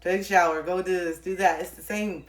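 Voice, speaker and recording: A woman's voice: fairly low pitch, steady tone, fairly quick. A woman on a livestream giving a blunt, profane motivational talk, repeating points for emphasis and laughing often.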